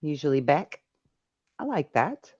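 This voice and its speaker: A woman's voice: low voice, very animated, measured pace, darkish tone, slightly rough, dry recording, highs cut off. A middle-aged woman hosting a live call-in stream, chatting casually and reading viewer messages aloud. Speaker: live call-in show host.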